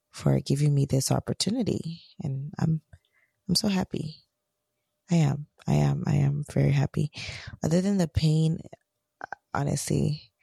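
A woman co-hosts a podcast in casual chat, speaking softer than usual as she recovers from surgery. Her voice carries a heavy gravelly fry. The sound is dry and close. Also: low voice, dry recording. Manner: soft-spoken, recovering from surgery. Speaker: podcast co-host.

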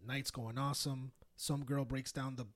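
A young man co-hosting a casual podcast, telling stories with lively acted quotes. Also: mid-range voice, normal speed. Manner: animated storyteller, bursts of laughter and acted quotes. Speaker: podcast co-host. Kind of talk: casual chat.

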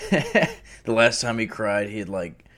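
A man's voice: fairly low pitch, wildly swooping pitch, takes it slowly, a bit bright. A man chatting casually and riffing jokingly on a story. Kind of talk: casual chat.

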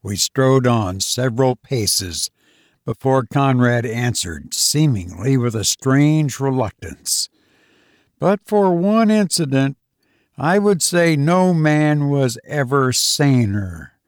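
A man reading a story aloud as an audiobook narrator, in a measured, deliberate manner. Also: medium pitch, big pitch swings, no echo, studio quality. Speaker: audiobook reader.

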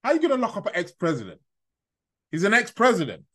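A man's voice: sits high, huge pitch swings, fast, sharp tone. A man hosting a casual live stream, rambling, stammering through restarts and chuckling at his own remarks. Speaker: astrology live-stream host.

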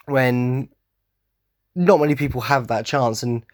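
A man's voice: medium pitch, measured pace, no echo, studio quality. A man hosting a solo podcast, rambling from tangent to tangent with lots of "like" and "you know". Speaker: podcast host. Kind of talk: solo rant-style podcast chat.

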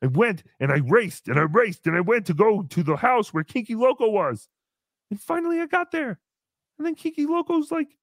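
A man hosting a live show, telling a story in casual chat with animated, exasperated swearing. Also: high-pitched, moderate pace, dry recording, studio quality. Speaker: podcast host.

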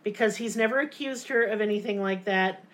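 A woman, co-hosting a casual true crime podcast, telling the story with sarcastic, animated asides. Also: medium pitch, brisk.

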